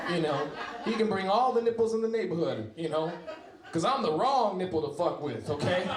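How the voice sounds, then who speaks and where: A man with a high, light voice works through a loose, rambling stand-up set. He breaks into sudden shouted bits. The room rings with echo, and a crowd laughs around him. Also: very animated, fairly quick. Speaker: stand-up comedian. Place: small comedy club. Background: audience laughter.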